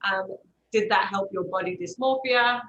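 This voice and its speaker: A woman's voice: mid-range voice, a bit bright, slight background noise. Woman interviewer, muffled and distant. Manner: hesitant, halting questions. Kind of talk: casual interview talk.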